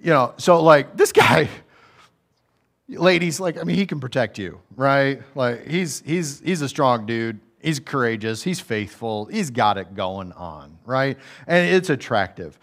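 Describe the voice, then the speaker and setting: A man's voice: mid-range voice, lively intonation, unhurried, a bit bright. A man preaching a conversational, humorous sermon that builds to raised, emphatic passages.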